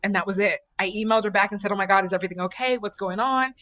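A woman's voice: medium pitch, racing, a bit bright, no room sound, highs cut off. A woman telling a personal story as a psychic guest, acting out voices and repeating phrases for effect. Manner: dramatic, acts out quotes, repeats phrases. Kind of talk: animated storytelling in conversation.

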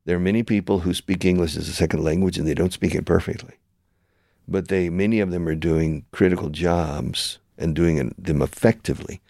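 An older man with a very low voice and a gravelly rasp, lecturing emphatically like a veteran teacher. He keeps circling back and restarting phrases to drive each point home, in a dry close sound. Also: fairly even intonation, brisk, a little mellow, no room sound. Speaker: show host and language school founder. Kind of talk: conversational interview, teacherly explaining.

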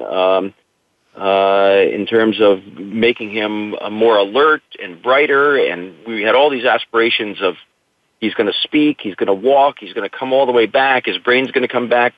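A man's voice: lowish voice, no echo. Earnest man on a tinny phone line. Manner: earnest, reflective. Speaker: guest. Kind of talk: personal storytelling in an interview.

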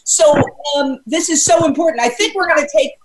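A woman's voice: sits high, a little fast, a little hiss or hum, rough recording. A woman hosting a live radio talk show, talking with emphatic, urgent conviction.

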